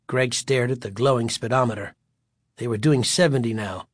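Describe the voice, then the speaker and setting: A man narrating a chapter of a story in an even storytelling voice. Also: medium pitch, normal speed, dry recording, clean studio sound. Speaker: audiobook narrator. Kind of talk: scripted narration.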